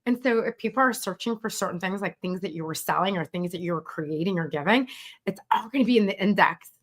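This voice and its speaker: A woman's voice: mid-range voice, fast talker. A middle-aged woman coaching creatives on a live stream, chatting casually and animatedly with many fillers and acted-out quotes.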